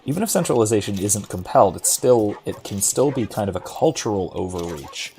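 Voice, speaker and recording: A Florida streamer with a general American accent chats about philosophy while gaming, his voice on the low side with a dark tone, animated and fairly quick. He's thoughtful but rambling, with lots of fillers and restarts.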